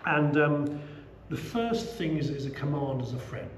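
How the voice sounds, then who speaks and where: A middle-aged man leading a relaxed scripture class, chatty, with many asides and repeated "you know"s. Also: fairly high pitch, measured pace. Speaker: scripture teacher. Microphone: small action camera. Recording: roomy room, faint background hum.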